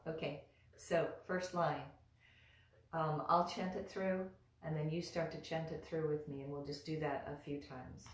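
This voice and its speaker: A woman teaching mantra pronunciation slowly and patiently, chanting and repeating each sound for the listener to copy. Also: low-pitched, fairly even intonation, reverberant, slight background noise. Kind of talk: slow, patient instruction with chanting.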